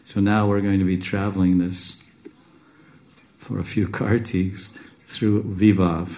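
A man teaching a scripture class, rambling with restarts, self-interruptions and chuckles, in a speaking style he calls a monotone. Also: low-pitched, takes it slowly, low-quality recording. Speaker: spiritual teacher.

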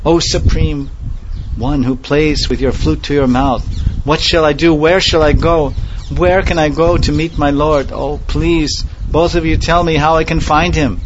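A man's voice: on the high side, steady tone, unhurried, muffled recording, noisy background, pitched above the performer's own voice, lightly acted. A man voicing a grief-stricken holy man who cries out in a raised, lamenting voice, asking over and over where his Lord is. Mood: anguished. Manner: raised, crying lament of repeated questions.

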